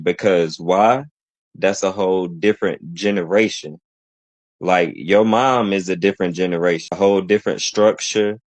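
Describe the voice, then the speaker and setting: A man in casual chat, relaxed and rambling with lots of fillers. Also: deep voice, no room sound. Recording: dry, dull-sounding recording.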